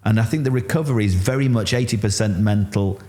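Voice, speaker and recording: Middle-aged yorkshire guy, low mellow voice, tells his story and jumps up high doing other people's lines. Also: fast. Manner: animated, acts out quotes with rising pitch. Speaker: interview guest. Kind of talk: candid storytelling interview.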